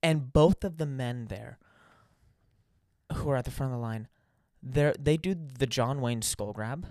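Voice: medium pitch, a little slow, mellow, no room sound, clean studio sound. A podcast co-host in casual chat who chimes in and adds details to a shared story.

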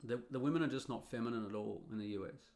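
A man's voice: mid-range voice, rapid-fire, a little mellow. An Australian man with an Australian accent, giving a blunt, rambling solo monologue full of fillers and restarts. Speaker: vlogger.

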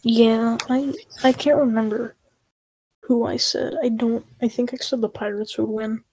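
A woman's voice: fairly high pitch, flat delivery, measured pace, darkish tone, no echo. A woman chatting casually as co-host, offhand and tentative. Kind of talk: casual chat.

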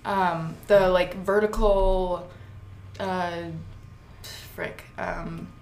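A young woman co-hosting a casual podcast, halting and searching for words with many fillers. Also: lowish voice, steady tone, darkish tone. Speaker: podcast co-host. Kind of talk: casual chat. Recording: echoey room, faint noise.

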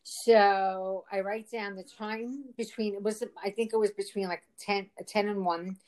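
On a casual phone call, a woman tells the story of a frustrating ordeal, rambling and exasperated as she quotes others. Her voice is medium-pitched and a little mellow, with fairly even intonation and a measured pace.

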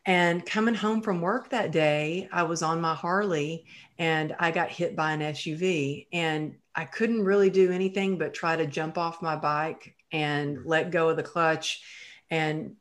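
A woman's voice: deep voice, steady tone, a little slow. A woman guest on a podcast, candidly retelling a personal story in vivid detail, with frequent "you know" and "um".

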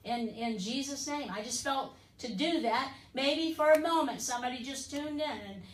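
A woman's voice: sits high, moderate pace, echoey room, recorded from a distance, low-quality recording. A woman preacher delivering a fervent broadcast sermon and altar call, pleading with listeners and dropping in "listen" and "amen?" as she goes.

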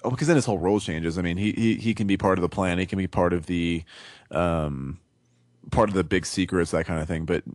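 Brief: male podcast co-host, deep and dry, muses analytically in relaxed chat. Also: fairly quick, no echo. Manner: thinks aloud, analytical. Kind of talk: casual book discussion.

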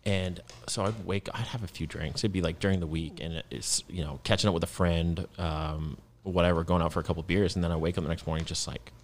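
A man's voice: deep voice, steady tone, a little fast, few pauses, slight background noise. A man in his thirties, a guest founder explaining his work in a loose, casual podcast chat with plenty of fillers.

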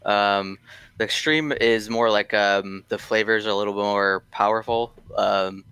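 A man's voice: on the low side, fairly even intonation, unhurried, bright, forceful tone, clean tone, no echo. A man guesting on a podcast, talking casually and hesitantly with many ums and restarts. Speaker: guest from a tobacco brand.

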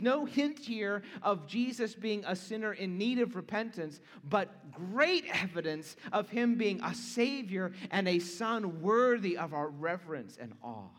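A man preaching a sermon as pastor, earnest, dropping to hushed tones for emphasis. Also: sits high, expressive, unhurried, few pauses. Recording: long hall reverb.

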